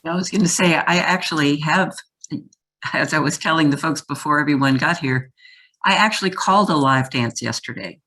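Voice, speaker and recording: A woman's voice: sits low, normal speed, pushed and bright. A woman and dance caller on a video call panel, telling her story in a conversational way. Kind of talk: casual panel talk.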